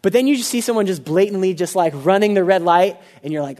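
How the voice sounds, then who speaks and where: High-voiced casual young pastor. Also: male voice, fast, few pauses. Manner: casual, conversational, many fillers and asides. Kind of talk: sermon with prayer and personal stories.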